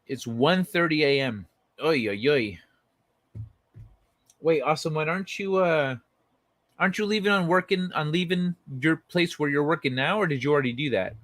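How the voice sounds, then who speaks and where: A man speaks at normal speed in a slightly high, bright voice while hosting a late-night livestream from his bed at home. Laid-back and rambling, he reads viewers' messages aloud and addresses chatters by name. There's no echo.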